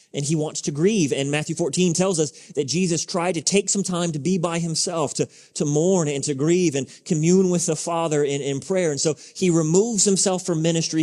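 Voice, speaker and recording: Guy pastor preaching in a big echoey church, fairly high voice, chatty storytelling w lots of questions. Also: darkish tone. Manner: conversational storytelling with frequent restarts and rhetorical questions. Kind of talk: sermon. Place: church sanctuary. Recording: church hall with long reverb.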